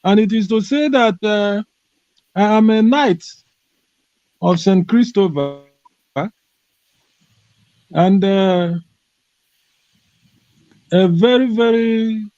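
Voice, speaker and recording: Man on a video call, emphatic, deliberate delivery, high voice, mellow tone, dull lo-fi sound. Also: dry recording. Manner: emphatic, deliberate, with frequent "uh" fillers. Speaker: participant in an online discussion. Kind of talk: impassioned call-in commentary.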